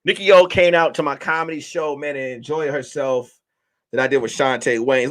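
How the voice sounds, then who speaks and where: A man, a comedian, chatting casually to his viewers in a loose, animated way, slipping into song and mock voices. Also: medium pitch, moderate pace. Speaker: comedian and vlogger. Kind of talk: casual vlog chat.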